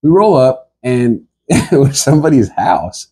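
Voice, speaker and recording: A husky man with a lively, swinging voice, spinning a rambling comic story. He laughs his way through it and jumps into the voices of the people in it. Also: medium pitch, unhurried.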